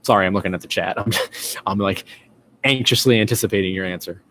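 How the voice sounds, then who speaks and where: Low-voiced guy rambling on a live stream, lots of ums and restarts, faint hiss behind. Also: fast, fairly bright tone. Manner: casual, rambling, many fillers and restarts. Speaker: podcast host. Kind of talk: live-stream chat reading viewer comments.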